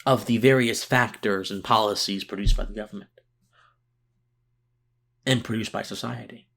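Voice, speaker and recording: A man hosting a political podcast, delivering an unscripted commentary monologue. He sounds mentally tired and slower than usual, yet earnest and impassioned, with frequent restarts. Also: lowish voice, steady tone, creaky, fairly bright tone.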